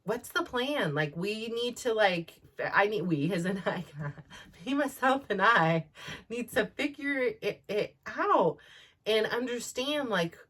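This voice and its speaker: A woman's voice: medium pitch, lively intonation, takes it slowly, fairly bright tone. A woman in her forties hosting a podcast, talking candidly and rambling with many restarts. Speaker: podcast host. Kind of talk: candid personal monologue.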